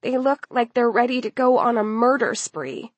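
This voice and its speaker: A woman's voice: on the high side, animated, moderate pace, slightly rough, no echo, muffled recording, voice pushed up. A woman voicing a wary, frightened teenage schoolgirl who speaks in a tense, worried way.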